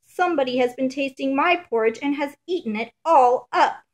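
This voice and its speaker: Baby bear voiced by a woman, little, shrill, high, storybook. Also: moderate pace, close to an everyday voice. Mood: upset. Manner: shrill, small voice.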